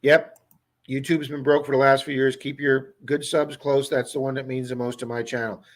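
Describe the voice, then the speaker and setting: A man's voice: mid-range voice, level tone, normal speed. A man with a Baltimore accent hosting a casual livestream, chatting and answering viewers' comments by name. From Baltimore area, USA. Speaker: livestream host.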